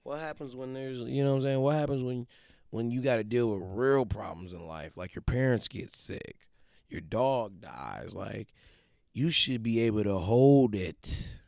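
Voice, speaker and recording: A man's voice: mid-range voice, lively intonation, measured pace, vocal fry, darkish tone, dry recording. A man, hosting a podcast with a casual, emphatic motivational monologue and often checking in with his listeners. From Detroit. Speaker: podcast host.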